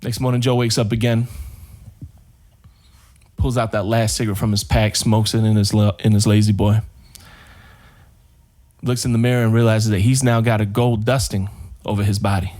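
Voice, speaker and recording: A male podcast co-host spins a long shaggy-dog story in a casual, drawn-out way. His voice sits at an ordinary middle pitch. He lets the tale build slowly toward its punchline. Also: a little mellow.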